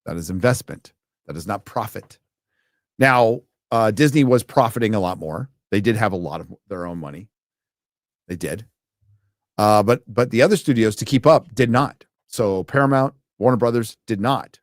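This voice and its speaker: A man's voice: lowish voice, normal speed, no room sound, clean studio sound. A man hosting a live stream, ranting in sarcastic, profane, combative commentary.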